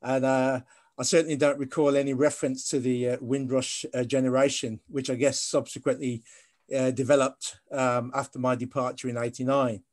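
A man from Birmingham speaking as a guest on a video call, telling his family story in a measured, halting way with frequent ums. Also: medium pitch, flat delivery, dry recording, studio quality. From Birmingham, England. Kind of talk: telling family history in conversation.

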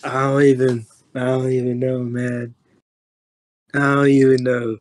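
A man's voice: mid-range voice, monotone, a little slow, a little mellow. A young man streamer rambling in casual, slangy, profane talk while roasting someone on a voice chat. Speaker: online streamer.

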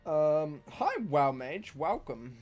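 A man's voice: fairly high pitch, lively intonation, slow, darkish tone, muffled recording, faint music behind. A man chatting casually while streaming a game, playful and teasing, often repeating himself. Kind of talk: casual gameplay chat.

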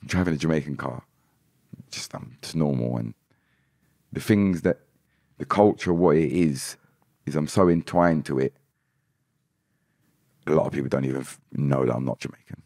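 A man, a musician guest on a podcast, talking in a relaxed, rambling way and often repeating words. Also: rumbling low, moderate pace, vocal fry, long pauses, no echo, clean studio sound. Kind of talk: casual podcast interview.

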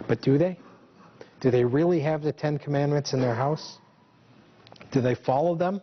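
A man's voice: a little high, moderate pace, long pauses, lo-fi sound, a little hiss or hum. A male preacher giving a conversational sermon to his congregation, full of rhetorical questions. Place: church hall.

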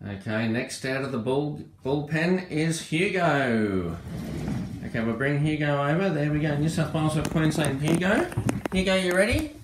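A man's voice: fairly high pitch, lively intonation, moderate pace. An Australian man hosting a casual home video with his family, chatty and playful, cooing affectionately at his pets. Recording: echoey room with background noise.

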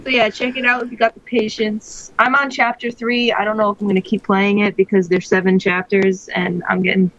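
A woman's voice: medium pitch, flat delivery, fairly quick, few pauses, a bit bright. A woman co-hosting a casual podcast chat, rambling with lots of fillers and restarts. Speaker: podcast co-host. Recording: dull lo-fi podcast audio.

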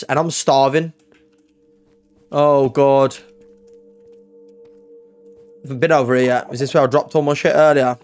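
A young man gives loud, panicky live commentary over a game, screaming, swearing and calling out to his chat. His voice sits a little high. Faint music plays behind him. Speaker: gaming YouTuber.

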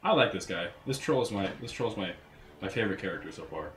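A man casually commentating a video game, crude and heavy on the swearing, who breaks into sudden loud outbursts. His voice sits on the low side. The recording is roomy and echoey, with faint noise underneath. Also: animated, fast talker. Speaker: let's play gamer.

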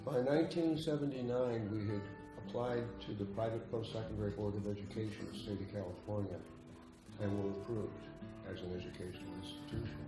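A man with a lowish voice speaks haltingly, stopping and restarting as he presents an award. His words ring around an echoey hall, with guitar music clearly heard behind him. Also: steady tone. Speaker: guest lecturer. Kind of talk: formal speech presenting an award.

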